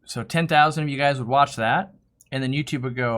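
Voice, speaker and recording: A man's voice: mid-range voice, fairly quick. A middle-aged man hosting a live question-and-answer stream, talking casually and acting out back-and-forth conversations in quoted voices. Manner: animated, acts out customer dialogues in quoted voices. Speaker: host of a fish-keeping Q&A live stream.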